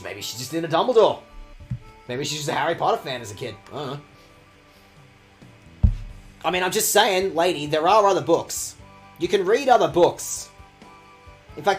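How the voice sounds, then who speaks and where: Male streamer, sarcastic let's-play rant, high voice, lively swings, swears a lot. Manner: sarcastic, profane ranting.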